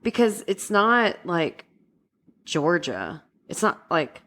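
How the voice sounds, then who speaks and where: Deep-voiced woman on a podcast, lots of ums, kinda hesitant. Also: a little slow, a bit bright. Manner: hesitant, many um fillers. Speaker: podcast co-host. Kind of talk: casual chat.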